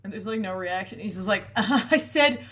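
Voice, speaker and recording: Casual animated woman retelling a story. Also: medium pitch, fast. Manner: animated retelling, acts out characters' lines. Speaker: podcast co-host retelling a book. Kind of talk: casual chat.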